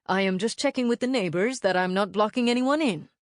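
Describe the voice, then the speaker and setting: A woman's voice: mid-range voice, fairly quick, dry recording, studio quality, voice pushed up, natural voice. A woman voicing a friendly, polite male neighbor with a Mexican-style accent in an audiobook, apologetic and in a hurry. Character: friendly male new neighbor, around forty. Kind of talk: audiobook character voice.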